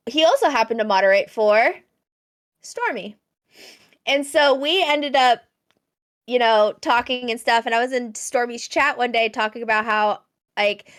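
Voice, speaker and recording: A woman's voice: on the high side, fairly bright tone, clean tone. A woman co-hosting a podcast, telling a rambling story in a chatty, casual way. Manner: chatty, rambling, laughs easily. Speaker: podcast co-host.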